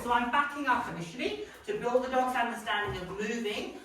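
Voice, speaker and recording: A woman, a dog trainer explaining each step of a training method clearly, one step after another. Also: on the high side, brisk, few pauses, a bit bright. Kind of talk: instructional demonstration. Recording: echoey room, distant mic, faint noise.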